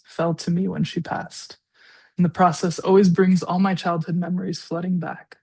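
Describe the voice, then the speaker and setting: A woman's voice: fairly low pitch, dark tone. A woman in her forties, a guest writer, reading her own personal essay aloud with a tender, darkly funny touch. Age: 40s.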